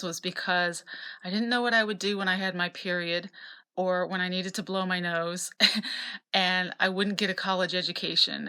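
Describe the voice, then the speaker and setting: A woman's voice: lowish voice, vocal fry, bright, forceful tone, clear, resonant tone. Candid, rambling woman from Utah. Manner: candid and rambling, with frequent fillers and restarts. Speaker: memoir narrator. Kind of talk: casual personal storytelling.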